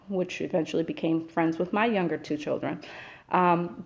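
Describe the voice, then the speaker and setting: A woman's voice: on the low side, a little mellow. Brief: woman host, chatty storyteller, home live stream on a webcam. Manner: chatty storyteller, many fillers. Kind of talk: casual chat. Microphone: webcam or phone, live stream.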